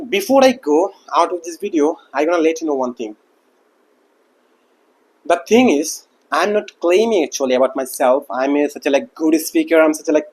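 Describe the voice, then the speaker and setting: A man's voice: a little high, a little mellow. A man who did not grow up speaking English, talking casually to camera as a teacher and packing his speech with fillers like "like" and "you know what". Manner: rambling, heavy use of like and you know what. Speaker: English teacher and channel host.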